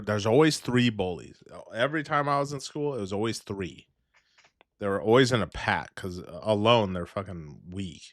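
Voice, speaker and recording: A man hosting a livestream, his talk loose, profane and rambling, with laughs scattered between remarks. His pitch swings widely up and down as he goes. The sound is dry and close, with almost no room around it. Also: a bit bright, no room sound. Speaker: livestream host. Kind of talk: casual livestream chat.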